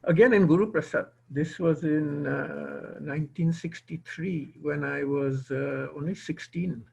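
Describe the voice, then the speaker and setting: A man's voice: on the high side, unhurried, vocal fry, slightly rough. An older man, born in India, tells a personal story at an online gathering, quoting remembered conversations. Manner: retells remembered dialogue, quoting others. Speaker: guest speaker. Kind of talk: storytelling talk. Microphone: video call.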